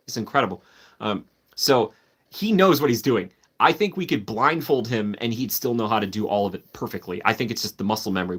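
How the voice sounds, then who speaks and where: A man's voice: on the low side, fairly bright tone. A man hosting a live stream, chatting casually and enthusiastically, answering viewers by name and laughing often.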